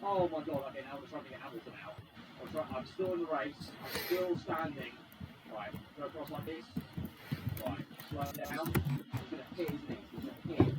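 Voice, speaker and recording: A man giving excitable live commentary over a racing game he is playing. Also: on the high side, normal speed. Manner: excitable, exclaiming at the action. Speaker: gaming commentator. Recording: distant mic under loud game noise. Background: loud racing game engine sounds.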